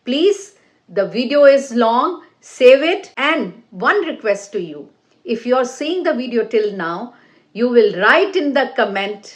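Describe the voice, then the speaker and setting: A woman teaching an online English speaking-test lesson, stressing key words with a deliberate, sing-song delivery and direct appeals to viewers. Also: fairly high pitch, big pitch swings. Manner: slow, repetitive phrasing with direct appeals to viewers.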